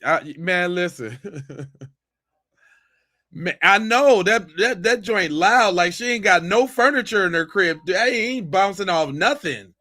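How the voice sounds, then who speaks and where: Brief: male host, bright forceful voice, dry close sound, teasing slangy commentary. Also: high voice, lively intonation, slow pace, no room sound. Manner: slangy, mocking, jokey banter. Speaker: podcast host. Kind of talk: reaction commentary on viewer clips.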